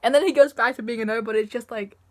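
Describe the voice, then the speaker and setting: A young woman reviews a manga chapter in casual, gushing talk. Her voice sits a little high. She is openly emotional, with sighs and plenty of fillers. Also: fast.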